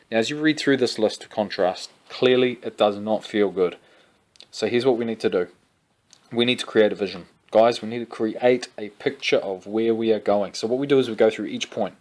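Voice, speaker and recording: Upbeat fitness coach man. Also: on the low side. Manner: energetic, repeatedly addressing viewers as guys. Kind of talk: online course presentation.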